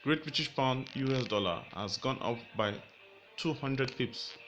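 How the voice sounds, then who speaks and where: A man's voice: medium pitch, expressive, a little slow. A man teaching forex trading through a casual story, sometimes stumbling over numbers. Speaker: forex educator. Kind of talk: storytelling explainer lesson. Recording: music playing underneath.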